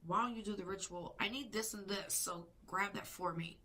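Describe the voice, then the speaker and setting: A woman co-hosting a live stream reaction, talking intensely and emotionally, often sinking into a hushed whisper. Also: medium pitch, normal speed, a crowd in the background.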